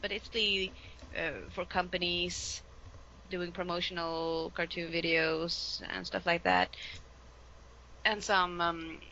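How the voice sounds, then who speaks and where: Bright-voiced Swedish woman, lo-fi. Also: on the low side, slow pace, slight background noise. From Sweden. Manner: lively, laughs often, many fillers. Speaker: voice actress guest. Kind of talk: casual interview chat.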